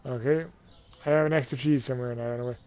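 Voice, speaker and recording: A man's voice: medium pitch, steady tone, racing, a little mellow, clean tone, no room sound, dull audio. A man giving playful, casual commentary over a game, counting and thinking aloud to himself while he keeps yawning. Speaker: let's play gamer.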